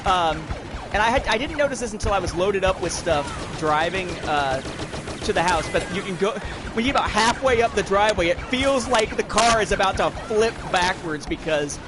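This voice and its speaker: A man's voice: high-pitched, animated, moderate pace, background noise. A man in his thirties hosting a livestream podcast, chatting with viewers while playing a shooter game. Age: 30s. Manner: rambling, talks to chat while playing a shooter. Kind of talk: casual chat while gaming. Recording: loud game sounds behind. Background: shooter game audio.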